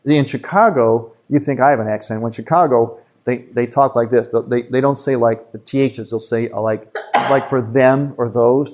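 A man, a priest giving a retreat talk to a live audience in an earnest, emphatic way with quick asides. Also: medium pitch, fairly even intonation, darkish tone.

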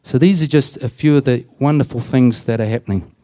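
An Australian-accented man, a prison chaplain, tells plain-spoken stories to a group and retells conversations. His voice is medium-pitched and mellow, and he speaks briskly.

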